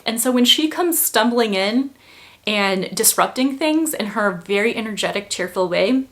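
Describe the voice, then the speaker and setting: A young woman talking casually about her favorite books, chatty and full of fillers, getting emphatic when she feels strongly. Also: a little high. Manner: chatty, lots of "like" fillers, gets heated and emphatic. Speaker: book reviewer. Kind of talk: casual chat.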